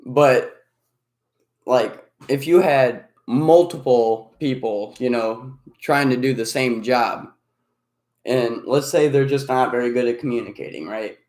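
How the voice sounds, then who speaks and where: A man's voice: medium pitch, unhurried, darkish tone. A man in casual podcast chat who talks hesitantly, with lots of fillers. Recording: echoey room.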